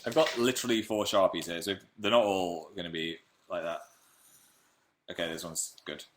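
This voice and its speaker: A man's voice: deep voice, steady tone, normal speed, slight background noise. A young man from England hosting a casual live stream, chatting playfully and reading out viewer comments.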